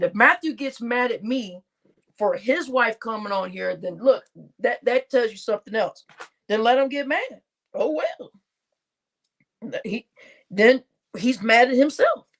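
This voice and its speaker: A woman hosts her own live stream in a loose, slangy rant. Her voice sits a little on the high side, and she talks bluntly and swears freely while she scolds people. She breaks up her remarks with laughs.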